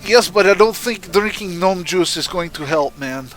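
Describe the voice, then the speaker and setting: Man player, somewhat high voice, playful banter, hesitant restarts. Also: moderate pace, fairly bright tone, faint music behind. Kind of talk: in-character banter in a tabletop game.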